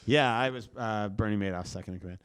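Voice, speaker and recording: A man, a comedian appearing as a podcast guest, telling a story in an animated way. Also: fairly low pitch, quick pace, clear, resonant tone, no room sound. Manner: animated anecdote-telling with acted-out quotes.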